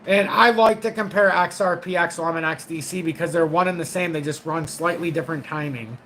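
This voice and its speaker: A man's voice: a little high, brisk, fairly bright tone, a little hiss or hum, low-quality recording. A middle-aged man hosting a crypto trading channel, giving blunt, profane, frank market commentary straight to his viewers.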